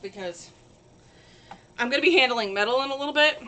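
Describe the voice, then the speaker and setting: A woman hosting a casual crafting livestream, chatty and gushing with excitement. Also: high-pitched, brisk, background noise.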